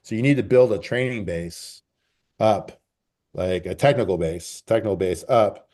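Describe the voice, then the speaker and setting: A man who coaches track and field, answering interview questions in a relaxed, rambling way and repeating phrases for emphasis. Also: fairly low pitch, normal speed. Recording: call recording.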